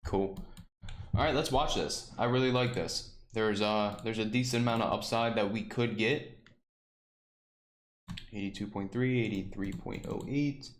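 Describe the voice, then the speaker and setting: Hoarse man doing market commentary. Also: lowish voice, reverberant. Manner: relaxed, reads out price levels slowly. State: losing his voice from a sore throat. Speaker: stock trading livestream host. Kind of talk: casual live market commentary.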